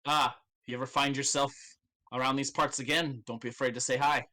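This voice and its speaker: A man voicing a gruff, cheerful but ruthless male dwarf smuggler in a tabletop game. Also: medium pitch, level tone, a little fast, bright, forceful tone, lightly acted. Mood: gleeful.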